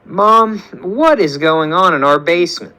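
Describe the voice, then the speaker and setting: A man voicing a cocky college-age genius who explains things smugly and fast. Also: high-pitched, animated, sharp tone, clear, resonant tone, voice pushed up, heavily acted, poor audio. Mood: teasing. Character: cocky know-it-all college boy genius.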